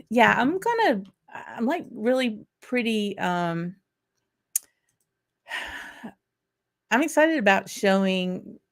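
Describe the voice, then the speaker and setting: A woman from Louisiana with a lowish, gravelly voice speaks slowly as she hosts a casual whisky livestream. She's chatty, reads out names from the chat, and uses many ums and restarts.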